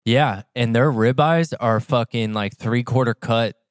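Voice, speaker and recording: A man's voice: mid-range voice, unhurried, no room sound, clean studio sound. A young man co-hosting a podcast, answering in short, laid-back replies and swearing casually. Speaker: podcast co-host. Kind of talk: casual chat.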